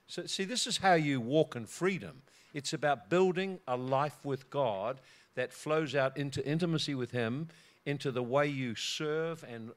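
A middle-aged man preaching a sermon, telling a personal story with frequent laughter and repeated words. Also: mid-range voice.

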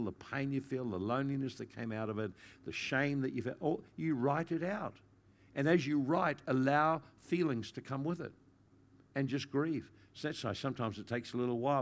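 Earnest man preaching a pastoral sermon. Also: medium pitch. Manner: earnest and pastoral, rising to intensity then softening. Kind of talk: sermon teaching.

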